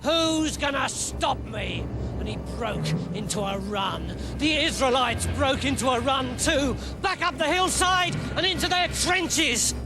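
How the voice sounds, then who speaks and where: High-voiced playful male storyteller. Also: expressive, measured pace, few pauses. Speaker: narrator. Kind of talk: storybook narration. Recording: music playing under the voice.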